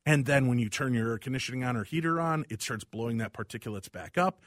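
A male host tells stories with lively, self-mocking energy. He is recorded close on a dry mic with no room sound. His pitch sits in the middle for a man. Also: quick pace, dry recording. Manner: animated, self-deprecating storyteller. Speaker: radio show host. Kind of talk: casual chat.

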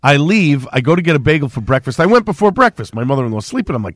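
A male morning radio co-host, chatty and wry as he runs through everyday stories. His voice sits fairly high for a man. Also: sing-song, dry recording, clean studio sound. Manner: chatty, quick anecdotes, wry jokes. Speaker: radio co-host and news anchor. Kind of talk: casual morning radio banter. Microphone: studio microphone.

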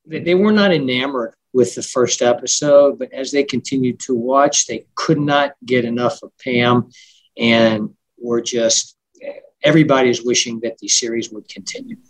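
Rich: A man with a voice of ordinary pitch speaks as a guest attorney being interviewed. He answers in a measured, confident manner, stating his views plainly. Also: rough recording.

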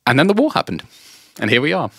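Casting: man from England in his thirties, dry teasing podcast guest, forceful bright tone, dry close sound. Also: medium pitch, big pitch swings, fast talker, dry recording. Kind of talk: casual podcast chat.

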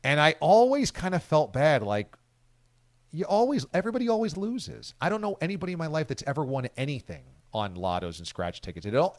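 Lively-voiced male radio host, dry studio sound. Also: fairly high pitch, dry recording. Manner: chatty, reads listener tweets aloud with playful emphasis. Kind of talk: casual sports radio banter.

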